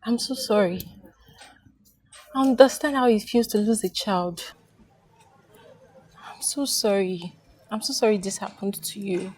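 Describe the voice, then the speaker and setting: A woman playing a sympathetic friend who soothes a grieving woman, repeating gentle reassurances. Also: mid-range voice, a little slow, long pauses, slight background noise, close to an everyday voice. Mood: consoling. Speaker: actress in a film. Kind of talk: film drama acting.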